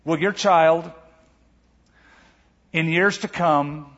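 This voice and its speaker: Man preaching with earnest emphasis, husky and slightly high, echoing church auditorium. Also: extremely slow, fairly bright tone. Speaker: pastor. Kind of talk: sermon. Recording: echoey hall, dull lo-fi sound.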